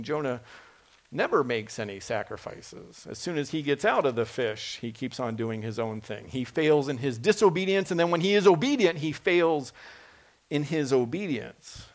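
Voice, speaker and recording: A man preaching a sermon, animated and dramatic as he voices scripture quotes. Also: mid-range voice, moderate pace.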